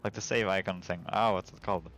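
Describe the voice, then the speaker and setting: A man's voice: sits low, fairly even intonation, fast, fairly bright tone. A man who is not a native English speaker, a game artist chatting casually on a stream, often hesitating and searching for words. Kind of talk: casual dev stream chat.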